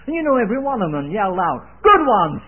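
A man's voice: high voice, very animated, racing. An older man preaching a sermon, with emphatic delivery that swells on key phrases. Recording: tinny, phone-like old radio broadcast.

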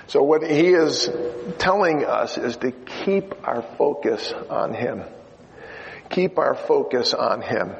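Middle-aged male preacher, slow and gravelly, storytelling sermon, dull lo-fi church recording. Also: mid-range voice, animated, slight background noise. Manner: storytelling, swings from loud exhortation to quiet asides. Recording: dull lo-fi sound in a reverberant hall.

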